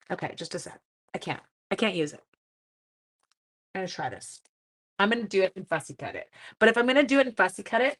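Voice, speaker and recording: A woman from Canada, slightly hoarse with a cracking voice, chatting casually and teasing herself as she hosts a papercraft live stream for her viewers. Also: mid-range voice, fairly bright tone. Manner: chatty, self-mocking, talks to viewers while working. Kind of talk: casual live-stream chat while crafting.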